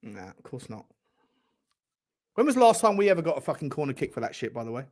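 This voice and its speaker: Young male host, high voice, angry swearing rant over a live match. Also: sing-song, racing, darkish tone. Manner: furious, swearing ranting. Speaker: football fan channel host. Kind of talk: live football watchalong commentary.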